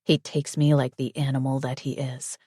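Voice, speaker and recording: A woman narrating a first-person romance audiobook in an intimate, breathy manner. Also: extremely low pitch, level tone, moderate pace, dark tone, no echo, clean studio sound.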